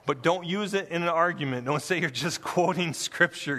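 A man's voice: on the high side, lively intonation, moderate pace, hardly any pauses, sharp tone. A man preaching a sermon as pastor, emphatic, with playful asides to the congregation, in a church. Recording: long reverb in a large hall.

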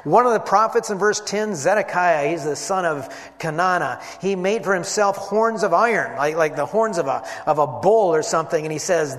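A man teaching a Bible passage as a sermon, animated, voicing the quoted figures and swinging from loud emphasis to hushed asides. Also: sits high, normal speed, few pauses. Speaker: preacher. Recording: long hall reverb.

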